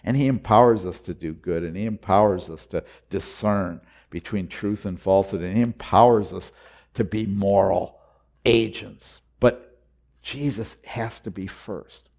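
A man preaching a sermon, earnest and repetitive, moving between quiet reflective lines and loud urgent exhortations. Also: fairly low pitch, a little slow, creaky.

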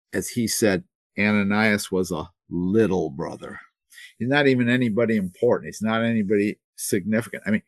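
A man's voice: lowish voice, dry recording. An older man in his seventies preaching a sermon, telling stories earnestly with many restarts and repeated words. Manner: storytelling, repetitive restarts, earnest. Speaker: pastor.

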